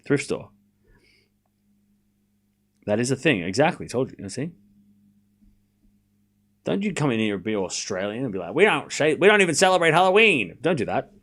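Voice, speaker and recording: A man hosting a live stream, calling tennis points with excitable play-by-play and chatting casually with his viewers. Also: mid-range voice. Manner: excitable play-by-play mixed with laid-back banter to chat. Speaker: stream host doing live tennis commentary.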